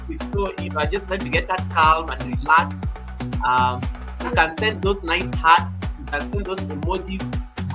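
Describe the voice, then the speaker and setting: A livestream host with a Kenyan accent, chatting casually, reading out viewer comments and repeating phrases. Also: mid-range voice. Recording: music playing behind the voice.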